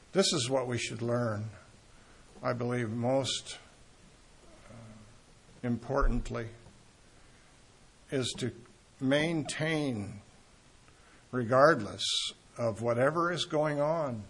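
A man preaching a sermon in an earnest, emphatic way, pausing often and restarting phrases. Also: mid-range voice, creaky, breathy edge.

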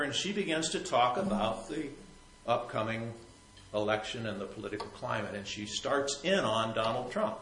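A man telling a personal faith story in a rambling, repetitive way, sometimes growing soft and emotional. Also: medium pitch, reverberant, rough recording. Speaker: Christian storyteller.

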